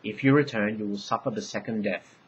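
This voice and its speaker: A man voicing an ancient all-knowing divine queen, part bee, speaking in solemn, measured pronouncements. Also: on the low side, fairly even intonation, slightly rough, muffled recording.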